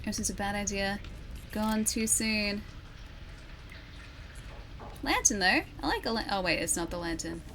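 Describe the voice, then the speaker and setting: A woman's voice: mid-range voice, lively intonation, measured pace, long pauses, fairly bright tone, a little hiss or hum. Chatty woman streaming a game. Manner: chatty, laughs often, greets chat by name. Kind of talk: casual chat while playing a game.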